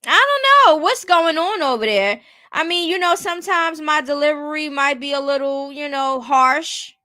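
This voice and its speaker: A woman's voice: high-pitched, normal speed, sharp tone, no echo. A woman hosting casual commentary, blunt and rhetorical, often turning to her viewers with questions. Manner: blunt, rhetorical, keeps asking viewers "you get what I'm saying". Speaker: commentary host.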